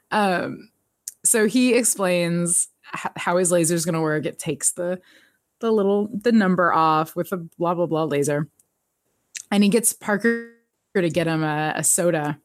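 A woman hosting a podcast, chatting casually as she recaps an episode, telling it in an animated way, laughing often and acting out the characters' lines. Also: lowish voice, a little slow, no room sound, clean studio sound. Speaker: podcast host.

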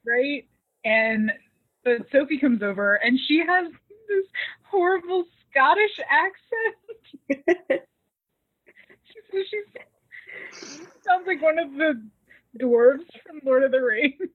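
A woman co-hosting a podcast, casually recapping an episode in an animated way with laughter. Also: sits high, takes it slowly, pauses often, no room sound. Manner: animated, laughing, acts out quoted lines. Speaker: podcast co-host. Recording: tinny phone-like dry sound.

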